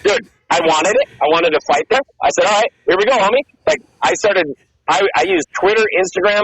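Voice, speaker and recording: A man in his thirties, a former Marine and fighter, telling stories in a fast, profane, excited way and acting out what people said. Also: high-pitched, poor audio. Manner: fast, profane, excited storytelling with acted-out quotes. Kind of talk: casual interview storytelling.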